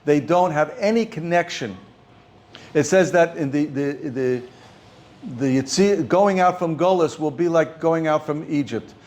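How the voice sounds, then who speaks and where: An older man, teaching an informal class as a rabbi, halting and repeating words as he speaks. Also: fairly high pitch. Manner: halting, repeats words often, animated when stressing points. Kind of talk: informal Torah class talk.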